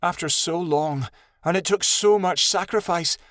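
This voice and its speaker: An earnest young she-wolf heroine, as a male narrator puts her on, pitched well above his own voice. She speaks with steady determination. The recording is dry and close. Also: measured pace, no room sound. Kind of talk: audiobook character voice.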